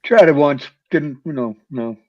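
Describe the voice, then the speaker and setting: A man chatting hesitantly on a live stream, full of pauses and fillers, with dull lo-fi call audio. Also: fairly high pitch, dry recording. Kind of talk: casual chat on a live stream.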